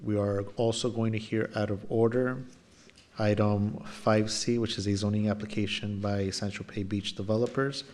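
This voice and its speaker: A man with a low, flat voice briefs a city commission on changes to the agenda. He is businesslike and polite, pausing now and then with a soft "um.". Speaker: city official presenting the agenda. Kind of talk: formal procedural briefing.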